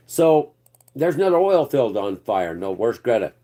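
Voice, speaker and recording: A man's voice: mid-range voice, big pitch swings, normal speed, mellow. A man hosting his own political commentary channel, ranting off the cuff in a rambling, sarcastic and profane way.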